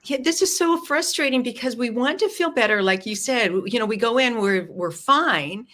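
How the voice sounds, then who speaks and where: A woman's voice: fairly high pitch, expressive, moderate pace, fairly bright tone, a little hiss or hum. A woman hosting a podcast interview, sympathetic and enthusiastic as she asks questions. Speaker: podcast host. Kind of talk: conversational interview.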